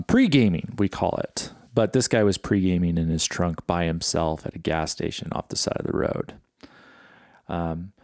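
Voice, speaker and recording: A middle-aged man reflecting in a casual solo podcast monologue, halting and full of fillers and restarts. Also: low-pitched, a little mellow, no echo, clean studio sound. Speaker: podcast host.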